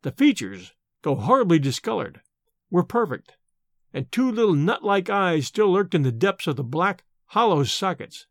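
Expressive male horror storyteller. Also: sits high, moderate pace, no echo, clean studio sound. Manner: dramatic, expressive reading. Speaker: narrator. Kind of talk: scripted narration of a horror story.

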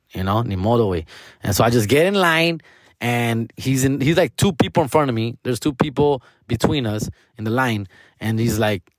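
A man's voice: medium pitch, no room sound, clean studio sound. A young man telling a story in profane, slangy street talk, dropping Spanish words, as a comedian. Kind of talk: casual storytelling.

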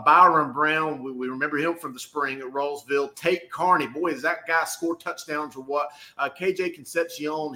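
A man, rattling off high school football rankings with energy as the show's analyst. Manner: energetic, rattles off team names. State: out of breath. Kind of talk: excited sports talk.

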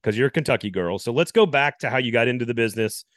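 A man hosts a casual podcast and talks in loose, rambling questions. His voice is mid-pitched. It sounds close and dry. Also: expressive, quick pace, a bit bright, no echo. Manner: conversational, asks rambling questions. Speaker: podcast host.

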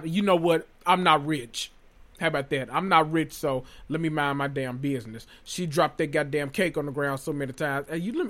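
Animated, profane man recapping TV. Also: fairly high pitch. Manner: animated, profane, laughing asides. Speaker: podcast host. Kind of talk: casual reality TV recap.

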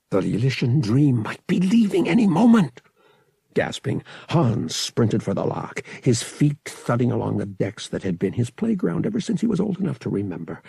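Gravelly, husky male audiobook narrator. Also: medium pitch, no echo. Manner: steady, measured storytelling.

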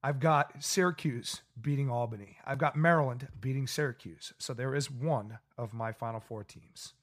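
A man's voice: medium pitch, normal speed. A man co-hosting a casual sports podcast, running through his tournament picks in a loose, chatty way. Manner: loose and chatty, with laughs and acted-out quotes. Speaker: podcast co-host.

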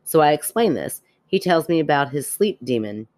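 This low-pitched woman reads a listener's story on a casual podcast, swinging her voice widely as she acts it out. She laughs easily and swears without a second thought, and the sound is dry and close with no room around it. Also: big pitch swings, moderate pace, darkish tone, no room sound. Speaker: podcast co-host. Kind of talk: casual chat, reading a listener email aloud.

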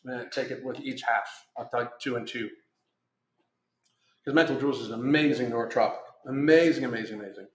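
A man's voice: mid-range voice, fairly even intonation, fairly quick, pauses often. A middle-aged man hosting a casual podcast livestream, blunt and profane, rambling as he reads chat comments. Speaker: podcast host reading live chat. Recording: roomy echo.

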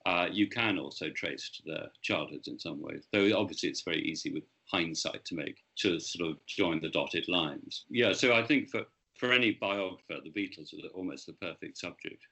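A man's voice: deep voice, normal speed, creaky, few pauses, pushed and bright, slightly rough. A man, an author, talking about his book in an interview, hesitant with many restarts.

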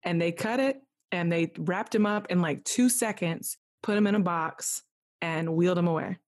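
A woman's voice: fairly low pitch, normal speed, darkish tone. A young woman candidly retelling a personal story as a podcast guest, acting out what others said to her. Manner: candid, vivid retelling with quoted dialogue.

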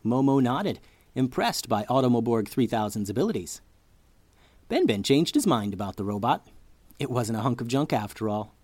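A man's voice: mid-range voice, sing-song, normal speed, a little mellow, dry recording. A man hosting a children's story podcast who narrates expressively, like a storyteller for kids.

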